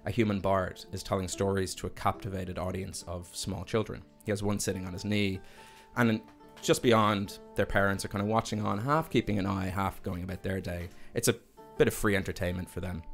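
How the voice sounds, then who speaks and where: A man's voice: low-pitched, steady tone, fairly quick, few pauses, faint music behind. A man narrating a tabletop fantasy game as game master, telling the scene like a storyteller and laughing often.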